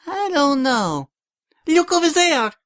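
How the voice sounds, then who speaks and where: A man's voice: very high voice, sing-song, slow pace, a bit bright, voice pushed up, full character voice. A man voicing a hyper, bubbly young female pony who chirps her lines. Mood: giddy. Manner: chirpy, squealing.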